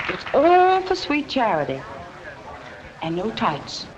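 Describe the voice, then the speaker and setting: A sassy saloon singer with quick, brassy patter. Her voice is high and swoops lively up and down. It comes through a hissy, dull old 1930s film soundtrack. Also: over a noisy crowd, exaggerated voice. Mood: showman.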